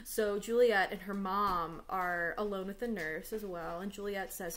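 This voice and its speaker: Woman teacher, casual home lesson, chatty, "like"-heavy, mid pitch. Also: steady tone, measured pace, hardly any pauses, a bit bright. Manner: chatty, fills speech with "like". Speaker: English teacher.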